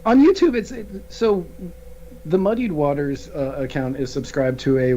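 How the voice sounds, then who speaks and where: A man co-hosting a casual podcast, explaining haltingly and repeating his words as he goes. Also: fairly high pitch, very animated, dull audio, crowd noise. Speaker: podcast co-host.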